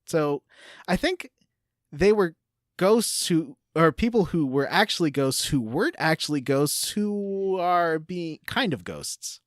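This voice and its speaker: Low-voiced, expressive woman co-host. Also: slow pace, dry recording, clean studio sound. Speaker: podcast co-host. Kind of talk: casual gaming podcast chat.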